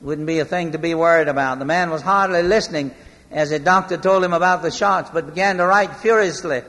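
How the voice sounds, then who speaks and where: Bright-voiced male preacher in a hall. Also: on the high side. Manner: storytelling, slowing for emphasis. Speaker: pastor. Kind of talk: sermon. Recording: long hall reverb.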